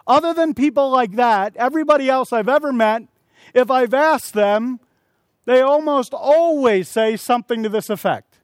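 A man delivers a sermon with a strikingly high-pitched voice. He tells stories and slips into acted-out quotes, sometimes shouting. The sound is dry and close. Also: moderate pace, dry recording. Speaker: preacher.

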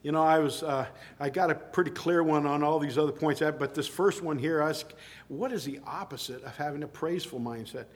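A man's voice: on the high side, a little fast. A middle-aged man preaching a sermon in a conversational way, telling stories and rising to emphatic exclamations.

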